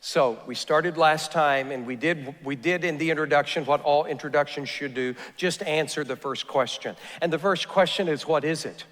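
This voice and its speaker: A man's voice: on the high side, normal speed, few pauses, fairly bright tone, in a large hall. A man preaching a sermon as pastor, earnest and repeating phrases as he builds each point. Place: church sanctuary.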